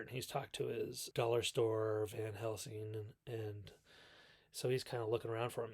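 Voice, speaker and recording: A man's voice: medium pitch, creaky, darkish tone. A man hosting a casual movie recap video, rambling and correcting himself as he goes. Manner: rambling, self-correcting, quotes characters in mock voices. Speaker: video host reviewing classic films.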